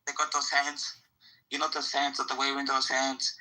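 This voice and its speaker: A man in casual podcast chat with a very bright, tense, sharp-edged voice. He rants heatedly, swears freely and keeps repeating himself as he talks over his co-host. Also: medium pitch, little pitch movement, unhurried, low-quality recording. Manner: heated, profane ranting with lots of repetition.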